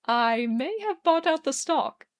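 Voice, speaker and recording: A woman voicing an animated, playful young man who talks in a sing-song, mock-haughty way in a read-aloud fan story. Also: sits high, slow pace, pitched above the performer's own voice. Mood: teasing.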